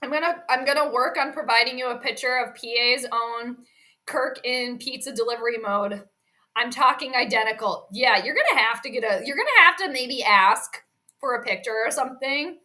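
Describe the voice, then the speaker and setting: Woman streamer doing play by play, high bright voice, chats w her viewers a lot. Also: normal speed. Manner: chatty, reacts to plays, reads chat comments. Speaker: live stream commentator. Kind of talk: live play-by-play commentary stream.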